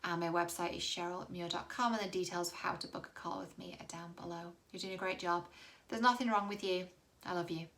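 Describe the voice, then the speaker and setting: Gravelly-voiced woman coaching on dating. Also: fairly low pitch, steady tone, a little fast, fairly bright tone. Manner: candid, reassuring, swears casually. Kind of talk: direct-to-camera advice vlog.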